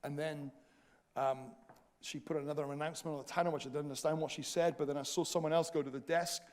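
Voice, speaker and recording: A man preaching in a church, telling a self-mocking travel story with lively humor. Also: fairly high pitch, fast. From Wales. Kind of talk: storytelling sermon. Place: church hall.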